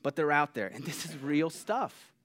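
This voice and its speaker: A pastor preaching a sermon in a conversational, animated way, often checking in with the listeners. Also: male voice, on the high side, moderate pace. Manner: conversational, animated, keeps asking "right?".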